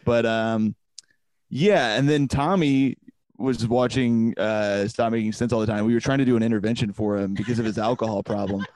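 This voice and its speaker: A man's voice: on the low side, fairly even intonation, normal speed, a little mellow, no room sound. A young male comedian telling stories in a loose, profane way, laughing often and acting out quotes. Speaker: comedian, podcast guest. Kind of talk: casual storytelling chat.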